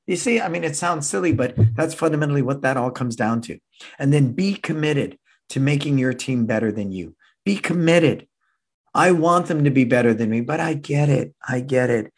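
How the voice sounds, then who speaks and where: A man of sixty with a husky, slightly rough voice delivers a motivational business talk to fellow martial arts school owners. He talks with energy and punch, repeats his key lines for emphasis, and now and then acts out other people's voices. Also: mid-range voice, lively intonation, moderate pace. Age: 60s.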